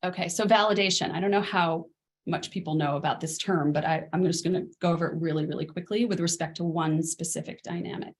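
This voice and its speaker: A middle-aged woman coaching parents in a relaxed masterclass on a video call, talking through ideas with lots of fillers and "right?" asides. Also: lowish voice, fast, slightly rough. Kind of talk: casual teaching on a video call.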